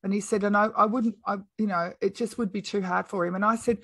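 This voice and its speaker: A middle-aged woman with a mid-range, brisk voice and a breathy edge speaks with no echo. As a podcast guest, she tells a story in casual chat, frank and outspoken, animatedly acting out the lines of people she quotes.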